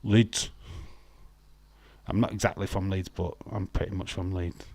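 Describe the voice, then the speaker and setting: A young Yorkshire man hosting a live wrestling watch-along, chatting loosely and swearing without a second thought. His voice sits a little low and comes through a close mic with a dry, dead sound. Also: fairly even intonation, measured pace, vocal fry, a little mellow, no echo. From West Yorkshire, England. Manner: chatty, swears freely, laughs often, addresses chat by name.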